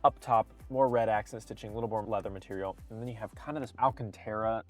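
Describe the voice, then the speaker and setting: Man, car reviewer, lower pitch, conversational, detailed feature walkthrough, faint background music. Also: steady tone, quick pace. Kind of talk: casual product walkthrough. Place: in and around a car.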